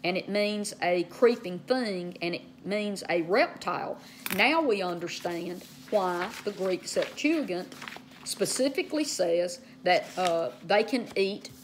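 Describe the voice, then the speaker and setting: A woman teaching Bible study in a casual way, often saying "okay", spelling out words and slowing down to stress key terms. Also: fairly low pitch, expressive, slight background noise.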